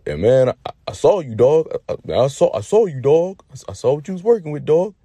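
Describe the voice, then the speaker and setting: A man voicing an excited young male friend who stammers through a loud confession. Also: fairly high pitch, a little fast, husky, no echo, studio quality, pitched above the performer's own voice.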